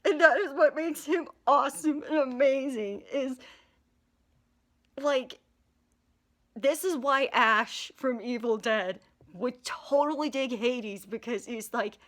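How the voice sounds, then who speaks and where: A woman's voice: high voice, slow pace, a bit bright. A woman chatting casually about a character she created, rambling with many fillers, giggling often and swearing freely. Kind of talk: casual chat.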